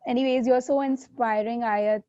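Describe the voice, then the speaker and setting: A woman hosts a casual interview, her voice sitting a little high. She sounds eager and admiring and laughs often. The recording is dull and lo-fi, and the sound is dry. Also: steady tone, moderate pace, mellow, dry recording. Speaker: interview host.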